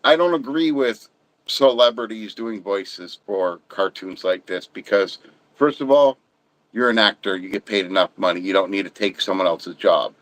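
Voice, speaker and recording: Man, middle-aged, low voice, blunt, emphatic, casual livestream chat, dry sound. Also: lively intonation, normal speed, fairly bright tone, no echo, poor audio. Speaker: livestream host.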